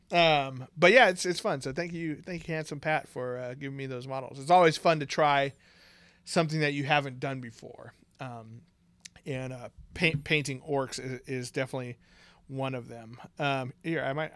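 A man's voice: mid-range voice, normal speed, fairly bright tone, dry recording. A man chatting casually on a podcast, laid-back, laughing often and using lots of fillers. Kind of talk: casual chat.

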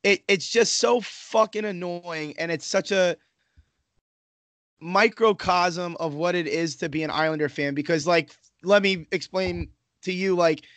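A man's voice: sits high, a little slow, fairly bright tone, no echo. A man talking hockey as a fan, rambling and swearing, with many restarts and fillers. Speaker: Islanders fan in a hockey podcast discussion. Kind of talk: casual hockey chat.

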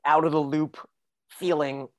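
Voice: medium pitch, little pitch movement, measured pace. A podcast co-host recapping a TV episode in loose, casual chat, peppered with filler words.

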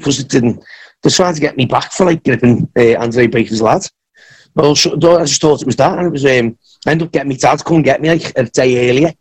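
A man spins a long story in a relaxed interview, his voice sitting a touch high for a man. He jumps into the voices of the people in his tale, then drops back to his easy storytelling tone. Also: breathy edge. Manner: animated anecdotes, acts out others' lines. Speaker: podcast guest, wrestler. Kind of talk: casual storytelling.

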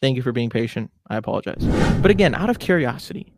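A man's voice: medium pitch, animated, fast, a little mellow, no room sound, studio quality. A man in his twenties hosting a solo podcast, talking casually and with strong opinions. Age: 20s. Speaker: podcast host.

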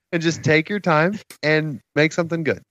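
A man's voice: a little high, normal speed, a bit bright, no room sound. A man with a mid-range voice jokes wryly on a casual movie podcast, offering tongue-in-cheek advice. The sound is dry and a bit dull. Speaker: podcast co-host.

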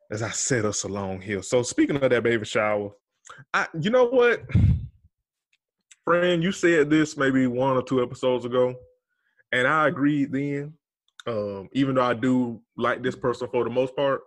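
A man's voice: mid-range voice, no room sound. A young adult man co-hosting a casual podcast, drawling and swearing as he recaps reality TV. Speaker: podcast co-host.

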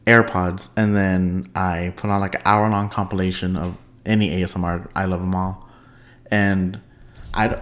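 Bubbly, chatty man hosting a podcast. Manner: bubbly and chatty, laughs often, big pitch swings for playful asides. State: sleepy at the end of a long day. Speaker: podcast host. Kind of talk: unscripted solo podcast chat.

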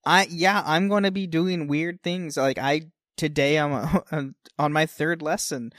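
Here is a lively podcast co-host chatting casually and laughing a lot. The voice sits at a middle pitch, and the recording is close and dry with no room sound. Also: unhurried, few pauses, dry recording. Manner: animated, laughs often. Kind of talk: casual chat. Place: United States.

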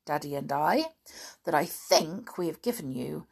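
A woman voicing a loving but stern mother, speaking firmly and in a measured way for a storybook reading. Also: sits low, animated, gravelly, a little mellow, slightly rough, heavily acted. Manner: firm and measured. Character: stern loving mother scolding her daughter.

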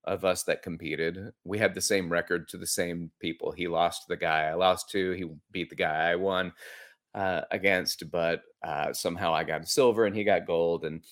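A man's voice: deep voice, fairly even intonation, normal speed, a bit bright. A middle-aged man hosting a podcast, telling a personal story in an earnest, reflective way with frequent restarts. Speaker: podcast host. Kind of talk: personal story and coaching talk.

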